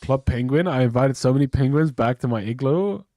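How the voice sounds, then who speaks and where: Brisk and dark-toned, this mid-range male voice belongs to a young gamer chatting on a live stream through a stuffy nose. There's no room sound as he rambles, curses often, and starts his sentences over.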